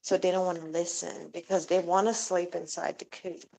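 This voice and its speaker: A woman's voice: fairly low pitch, flat delivery, normal speed, gravelly, darkish tone. A woman vlogger chatting casually while outdoors by an animal coop at night, coaxing and fondly talking to her animals. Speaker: pet owner vlogger. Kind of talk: casual chat while doing evening chores.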